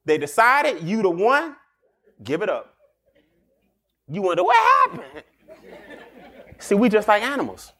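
A man hosting a show, giving street-wise motivational advice in an animated way, laughing often and acting out quick exchanges. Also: high-pitched, husky. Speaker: podcast host.

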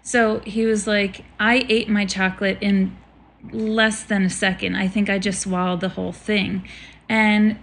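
A woman in her thirties co-hosting a casual chat, animated as she tells stories and acts out what others said. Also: mid-range voice, unhurried, vocal fry, slight background noise. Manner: animated storyteller, acts out quotes with laughter.

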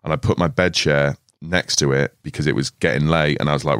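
A man's voice: extremely low pitch, steady tone, fairly quick, clean tone, no echo, studio quality. A man, a carp angler guest on a podcast, telling a rambling story with frequent laughs and restarts. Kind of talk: casual storytelling chat. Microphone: studio podcast mic.

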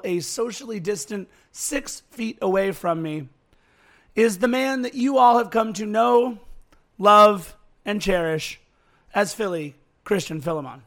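A man co-hosting a sports podcast, hoarse from the night, hyped and jokey with quick asides. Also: sits high, a bit bright. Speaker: podcast co-host. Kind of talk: casual sports podcast chat.

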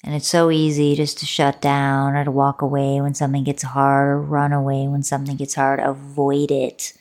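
A woman with a low, full voice speaks straight to the listener in a solo motivational talk about relationships. She is playful and coaxing, calls the listener baby, and now and then sinks into a soft whisper. The delivery feels like an intimate pep talk from a podcast host. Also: monotone, moderate pace.

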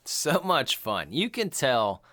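A man's voice: mid-range voice, slow, no room sound, clean studio sound. A man co-hosting a casual podcast, chatting about an old movie and acting out lines with lots of laughter. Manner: animated, laughs often, acts out movie lines. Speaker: podcast co-host.

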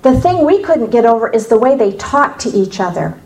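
A woman from the United States giving a personal faith testimony to an audience, telling it as a lively story with humorous asides. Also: on the high side, fairly quick, low-quality recording. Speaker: speaker sharing her faith testimony.

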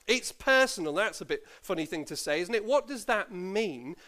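A man, a pastor, reading scripture and preaching a sermon, playful and lively as he asks children questions. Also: high-pitched, normal speed. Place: church service.

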